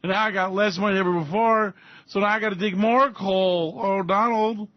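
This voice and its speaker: A man's voice: high-pitched, fairly even intonation, fairly quick, no room sound, voice pushed up, natural voice. A man voicing a disappointed working-class male coal miner who complains and rambles with hesitations. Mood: aggrieved. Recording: dull lo-fi audio.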